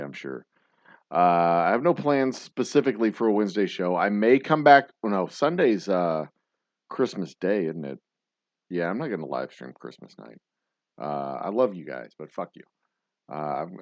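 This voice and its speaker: A man's voice: sits low, no echo, highs cut off. A man hosting a livestream, chatting casually in a rambling, joking, profane way and laughing often. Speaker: livestream show host.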